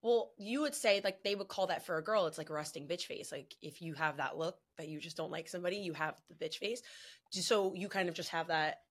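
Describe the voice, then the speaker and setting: Woman, New Jersey accent, podcast host, loud, teasing, slightly low voice. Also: a little fast. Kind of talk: casual chat.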